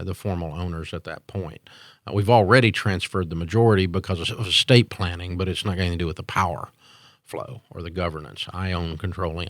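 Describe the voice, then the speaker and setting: A man's voice: low voice, a bit bright, no echo, studio quality. A man in his sixties, a business owner answering interview questions in a blunt, opinionated way with frequent fillers.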